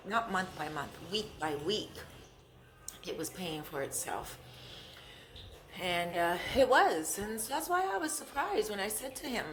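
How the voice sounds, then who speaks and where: A woman's voice: medium pitch, fairly bright tone, slight background noise. A woman vlogger talking casually to camera while eating, chatty and repeating herself. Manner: chatty, repeats herself, talks with mouth full.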